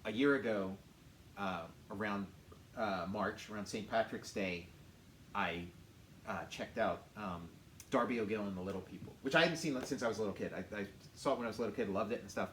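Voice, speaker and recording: A man's voice: lowish voice, fairly quick, fairly bright tone. Rambling male podcast co-host, roomy sound. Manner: rambling, lots of "like" and restarts. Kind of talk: casual chat. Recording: roomy with faint noise.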